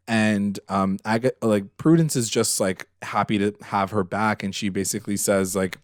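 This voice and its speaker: A man's voice: lowish voice, normal speed, few pauses, dry recording, clean studio sound. A man co-hosting a podcast, retelling a TV episode in casual, emotional chat full of fillers. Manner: emotional, animated retelling, many fillers and swearing. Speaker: podcast co-host.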